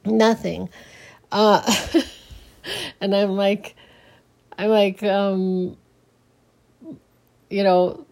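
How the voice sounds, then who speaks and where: A woman rambling casually on her own podcast late at night, sleepy and halting, restarting her sentences again and again. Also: medium pitch, little pitch movement, creaky, darkish tone. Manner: halting, many restarts and trailing fillers. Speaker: solo podcaster and small business owner. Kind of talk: casual solo podcast monologue.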